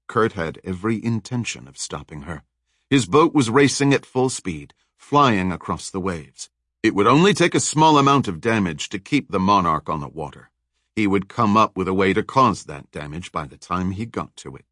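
A man narrating a thriller audiobook in a measured, dramatic storytelling manner. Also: sits low, expressive, fairly bright tone, no room sound, studio quality.

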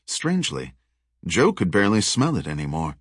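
A man's voice: low voice, huge pitch swings, normal speed, husky, no echo. A man reading an audiobook in a wry, dry storytelling manner. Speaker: audiobook narrator. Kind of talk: scripted narration.

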